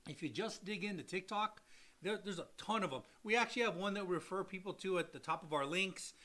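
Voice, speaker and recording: A middle-aged man who works as a loan officer, co-hosting a casual livestream and answering viewer questions in an animated, salesy way. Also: high voice, fairly quick.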